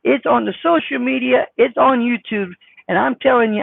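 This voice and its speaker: A man with a squeaky, very high voice and a gravelly edge talks blunt and folksy, answering his chat. The sound is thin and phone-like, with no room around it. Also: normal speed, no room sound. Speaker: trucker vlogger reading live chat. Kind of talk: casual live-stream chat.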